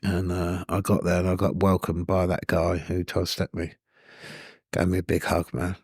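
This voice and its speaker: Man, 40s, deep voice, candid rambling guest, dry close sound. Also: little pitch movement, moderate pace, darkish tone, husky, no echo. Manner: earnest, rambling, frequent "you know what I mean". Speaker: podcast guest. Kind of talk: casual candid storytelling.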